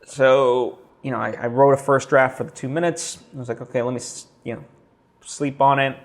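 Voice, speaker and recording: A man's voice: mid-range voice, fairly even intonation, moderate pace. A man talking straight to camera in a casual vlog, thinking aloud with lots of fillers and restarts. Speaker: vlogger.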